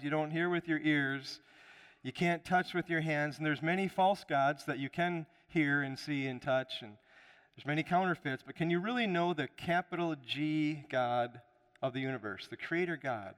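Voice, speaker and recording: A man's voice: a little high, normal speed, a bit bright, clear, resonant tone, in a large hall. A man preaching a sermon as pastor, with emphatic rises and frequent restarts.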